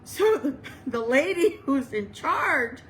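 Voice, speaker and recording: A bubbly woman chaplain with a fairly high voice tells a story in a loose, chatty way and laughs often as she goes. She slows to a measured pace whenever she recites a prayer or a verse of scripture. A faint hiss of noise sits behind her. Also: very animated, poor audio. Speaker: chaplain and reverend leading a service. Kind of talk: casual, storytelling sermon.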